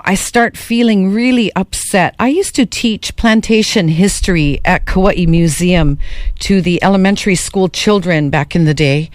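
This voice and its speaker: A woman's voice: mid-range voice, no room sound, clean studio sound. A middle-aged woman hosting a call-in radio show, speaking with passion and feeling. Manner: passionate, heartfelt.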